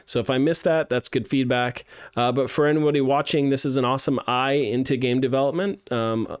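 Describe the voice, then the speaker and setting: A man's voice: mid-range voice, steady tone, fairly quick, clear, resonant tone, dry recording. A man streaming a live playtest of student games, thinking aloud with lots of fillers and restarts as he gives feedback. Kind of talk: live game playtest commentary.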